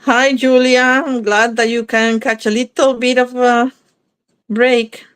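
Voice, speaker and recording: Working on cards on camera, a female craft host chats casually, thinks aloud, and frequently stops to correct herself. Her voice is fairly high, smooth and a bit bright, delivered flatly at a slow pace with no echo.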